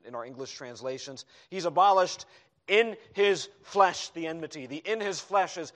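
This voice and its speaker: A man delivering a sermon in a church, pressing his points with emphasis and swinging between loud declarations and softer, quieter asides. His voice sits a little higher than most men's. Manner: emphatic preaching with sudden soft asides. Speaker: pastor. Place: church hall.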